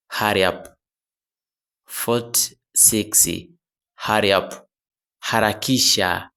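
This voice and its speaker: An English teacher with a low, fairly bright voice runs a beginner language lesson at an extremely unhurried pace. He says each short phrase slowly, often twice, then gives its translation, occasionally stopping to correct himself mid-phrase.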